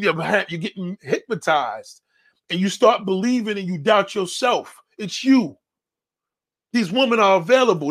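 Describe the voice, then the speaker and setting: High-voiced man ranting bluntly. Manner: blunt, confrontational, swears heavily. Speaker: host reading viewer comments. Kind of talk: profane ranting commentary.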